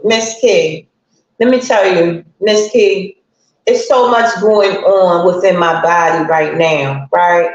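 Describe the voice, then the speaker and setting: A woman's voice: mid-range voice, takes it slowly. A woman hosting a live stream, telling a story in a chatty, colloquial way and greeting viewers as she goes. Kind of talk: casual storytelling to live chat. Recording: very echoey room, dull lo-fi sound.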